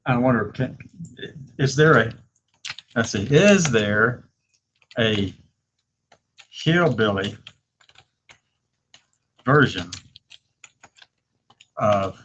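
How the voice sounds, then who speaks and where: A man hosting a casual video, laughing often and slowly dictating his words as he types. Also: medium pitch, lively intonation, a bit bright, a little hiss or hum. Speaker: video host. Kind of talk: casual chat while typing.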